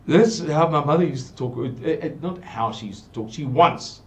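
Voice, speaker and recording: A man's voice: fairly high pitch, moderate pace. A man giving an earnest, pleading, rambling monologue to his viewers. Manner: pleading, repetitive, digressive. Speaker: channel presenter.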